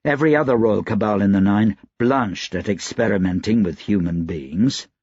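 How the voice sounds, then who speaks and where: Brief: male audiobook narrator, husky gravelly low voice, measured read, dry dull recording. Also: darkish tone, no room sound. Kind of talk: scripted narration.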